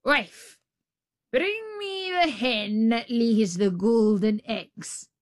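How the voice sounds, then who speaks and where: A woman voicing a huge, gruff, man-eating male ogre who speaks slowly in a drawn-out boom. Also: lively intonation. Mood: commanding.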